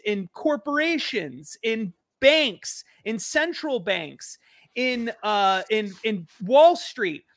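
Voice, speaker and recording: A man's voice: high voice, fairly bright tone, no room sound, clean studio sound. A man co-hosting a casual political talk show, earnest and thinking aloud as he goes. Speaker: podcast co-host.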